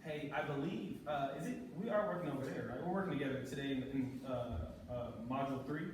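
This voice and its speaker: A man leading a leadership workshop, energetic and coaxing, asking the room questions, recorded from far off in an echoey room. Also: mid-range voice, a little fast, noisy background. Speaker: leadership trainer. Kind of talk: live workshop facilitation.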